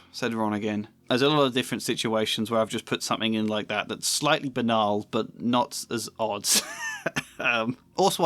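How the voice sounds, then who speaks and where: Male essayist, mid-pitch, dry close mic, thoughtful and self-questioning. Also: fairly bright tone, dry recording. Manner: reflective, self-questioning, occasional laughs. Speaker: video essayist. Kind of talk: analytical video essay with read-aloud excerpts.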